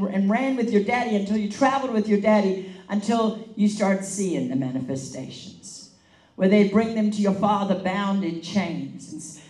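A woman's voice: mid-range voice, a little mellow. A woman evangelist preaching a charismatic sermon, moving between prophetic prayer and storytelling with fervent, rhythmic swells. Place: church meeting hall. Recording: echoey hall, voice from far off.

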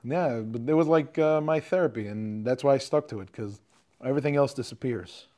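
A man's voice: mid-range voice, fairly quick, warm tone. A man from Jordan co-hosting a casual podcast, talking in a hesitant, reflective way with many fillers. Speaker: podcast co-host. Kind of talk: casual chat.

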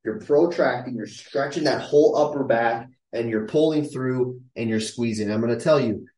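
Talking to camera in an echoey room, heard from a distance, a male fitness coach in his thirties explains strength training casually and emphatically, going over his main points again. He speaks at medium pitch and moderate pace, a little mellow.

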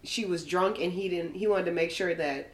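Young woman podcast cohost, lowish voice, chill and giggly, casual chat. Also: moderate pace. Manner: laid-back, giggly, agreeable. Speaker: podcast co-host.

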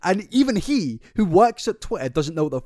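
A man's voice: sits high, a little fast, dry recording, clean studio sound. A British man co-hosting a casual chat podcast, ranting and swearing freely as he reacts to the news. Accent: British English. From Great Britain. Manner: animated, swears a lot, ranting. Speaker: podcast co-host.

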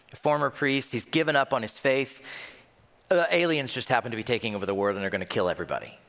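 A male pastor delivering a Sunday sermon with a lively, swooping pitch, acting out scenes as he tells them. His voice rings through a hall with a long reverb tail. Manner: animated storytelling, acts out scenes.

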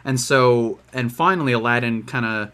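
A man's voice: mid-range voice, fairly bright tone, smooth. A man co-hosting a podcast, chatting casually about a movie with many fillers and restarts. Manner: rambling, many fillers and restarts, quick quoted voices. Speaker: podcast co-host.

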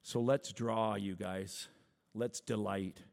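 A man's voice: steady tone, takes it slowly, creaky, darkish tone, big-room sound. A man in his forties giving a rambling, earnest testimony sermon to a small church congregation, with many restarts. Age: 40s. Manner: rambling, earnest, with many restarts and acted quotes that rise high. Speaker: lay preacher sharing testimony.

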